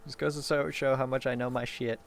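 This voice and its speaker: A man's voice: mid-range voice, little pitch movement, creaky, soft background music. A man giving casual, rambling gameplay commentary, joking and swearing freely. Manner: rambling, joking, profane, quick to laugh. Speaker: streamer playing a game.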